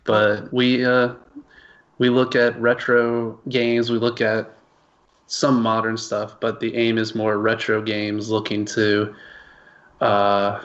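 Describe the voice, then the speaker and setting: A man's voice: lowish voice, monotone, slow pace, a bit bright. A man talking at length as a guest in a casual podcast chat. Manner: rambling, talkative. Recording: dull, lo-fi sound.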